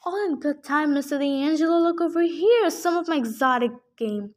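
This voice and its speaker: A smug, greedy three-bodied monster rancher, as a woman reading a storybook aloud puts him on, all smooth sales patter and dismissive asides. The voice sits high in pitch. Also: normal speed, darkish tone, natural voice.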